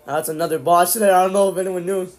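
A man streaming live, casually calling the action play-by-play, with sudden excited outbursts. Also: high-pitched, fast talker. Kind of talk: live watch-along commentary.

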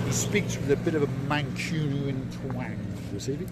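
Out on a seaside promenade, a vlog host guides a playful walking tour, repeating words to stress them. He talks at a moderate pace in a medium pitch with hardly any pauses, over heavy background noise.

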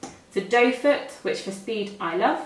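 A woman's voice: fairly high pitch, animated, measured pace, slight background noise. British woman making up a client. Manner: chatty, explains each step as she works. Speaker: makeup artist. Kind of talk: makeup demonstration. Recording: echoey room, mic a bit far.

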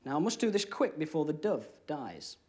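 A young British man performing comedy magic, chatting with a volunteer and dropping deadpan one-liners. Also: fairly high pitch, normal speed. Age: young adult. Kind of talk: comic magic patter. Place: TV studio with live audience. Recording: studio audience noise behind.

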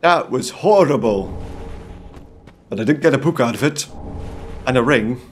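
Male gameplay commentator from Belgium; theatrical, gallant in-character banter, lively swooping pitch, unhurried delivery. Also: breathy edge. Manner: theatrical, playfully gallant, comic outbursts. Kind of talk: in-character let's-play commentary.

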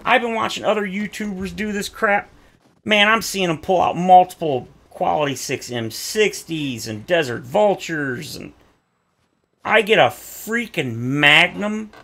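A man's voice: measured pace, creaky, bright, forceful tone. A man giving game commentary, complaining at length in a theatrical, exasperated way. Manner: exasperated, theatrical complaining with big pitch jumps. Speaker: gaming YouTuber.

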